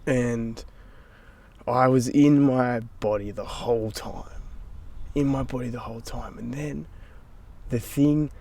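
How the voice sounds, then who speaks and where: A man's voice: medium pitch, slow pace, creaky, dark tone. A young adult man, a podcast guest, telling a personal story in casual chat, swearing freely and dropping into whispers for his inner thoughts.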